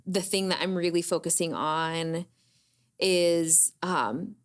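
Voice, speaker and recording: A woman guest on a faith podcast, talking in a thoughtful, measured way. Her voice is fairly low, and she speaks very slowly and deliberately. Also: steady tone. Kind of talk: casual faith conversation.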